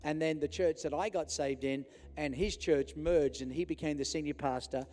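A man's voice: on the high side, steady tone, moderate pace. An Australian man, the host pastor, introducing a guest speaker with rising praise. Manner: warm praising introduction building to a shout. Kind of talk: sermon introduction. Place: large church hall. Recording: echoey hall with music.

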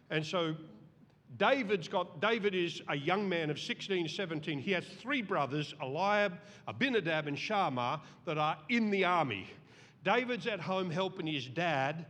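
Animated preacher man in a reverberant hall. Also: sits high. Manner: animated, acts out voices in the story. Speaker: pastor. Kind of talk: sermon. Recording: long reverb of a large hall.

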